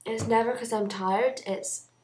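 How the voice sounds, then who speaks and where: A young woman chatting casually to camera in a video diary, rambling and filling pauses with "um". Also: fairly high pitch, fairly even intonation, darkish tone, slight background noise. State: out of breath. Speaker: vlogger.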